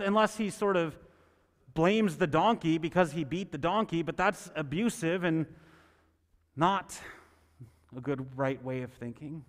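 A male pastor preaching a sermon and reading scripture, talking in a conversational way that keeps checking in with listeners. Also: high voice. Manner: conversational, asks listeners "right?". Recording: long hall reverb.

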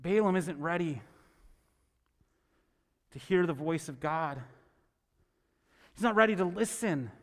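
A man's voice: a little high, expressive, slow pace, long pauses, a bit bright. A male pastor preaching a sermon and reading scripture, talking in a conversational way that keeps checking in with listeners. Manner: conversational, asks listeners "right?". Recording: long hall reverb.

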